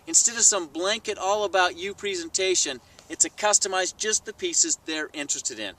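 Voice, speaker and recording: Guy vlogging outside, kinda far from the mic, bright voice, acts out the people in his story. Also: high voice, moderate pace. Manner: animated, acts out quoted people. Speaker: sales trainer. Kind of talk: storytelling vlog to camera. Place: outdoors.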